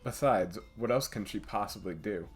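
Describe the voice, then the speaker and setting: Man voicing a calm fox knight, trusting, low voice. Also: moderate pace, slightly rough, faint music behind. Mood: reasonable. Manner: read plainly with small restarts.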